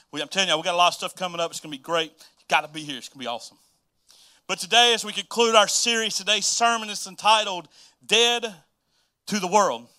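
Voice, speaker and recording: A man's voice: high voice, sharp tone. A middle-aged male pastor preaching a casual, chatty sermon and repeating phrases for emphasis.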